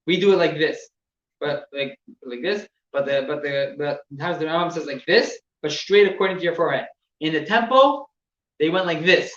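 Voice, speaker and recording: A man teaching religious laws to a class, explaining step by step with halting repeats and gestures. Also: a little high, a bit bright. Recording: echoey room, distant mic, dull sound with faint noise.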